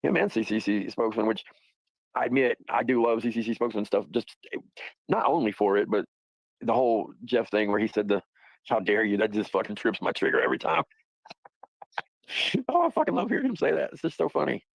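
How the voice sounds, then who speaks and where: A man's voice: fairly low pitch, expressive, brisk, vocal fry, long pauses, no echo, low-quality recording. A man hosting a livestream, talking in a rambling, profane, casual way and laughing often. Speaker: livestream host.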